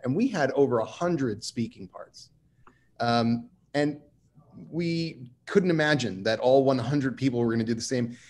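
A man speaking on a panel, conversational and emphatic with dry humor. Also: mid-range voice. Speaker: writer on a panel. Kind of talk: panel discussion.

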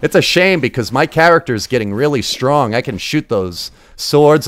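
A man in his forties with a Boston accent, rambling and cursing as he streams retro games. His voice sits at an average pitch and is picked up close by a desk mic. The sound is dry, with almost no room echo. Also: moderate pace, hardly any pauses. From Massachusetts. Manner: profane, rambling and excitable. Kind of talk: casual gaming livestream chat.

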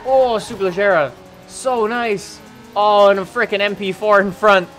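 A young man from Canada giving rambling, excitable let's-play commentary over a racing game, often jumping into high yelps. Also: normal speed, soft background music. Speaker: gaming channel host.

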